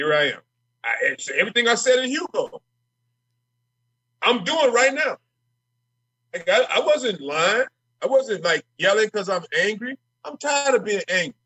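High-pitched man, dry close sound, fiery emphatic politician guest who stumbles over repeated words. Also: very animated, moderate pace, pauses often, sharp tone, husky, no room sound. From Minnesota. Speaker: state legislator guest. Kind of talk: passionate interview talk.

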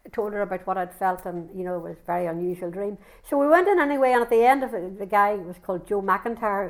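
A middle-aged woman preaches her testimony to a women's gathering. She speaks earnestly and fervently at an ordinary pitch, often stopping and restarting her sentences. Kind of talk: testimony sermon.

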